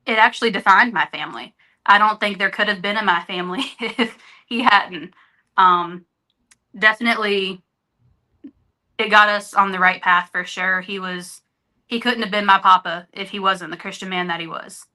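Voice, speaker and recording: A woman's voice: mid-range voice, moderate pace, pushed and bright. A woman guest on a podcast, speaking earnestly and openly in candid conversation. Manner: earnest, openhearted storytelling. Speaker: interview guest.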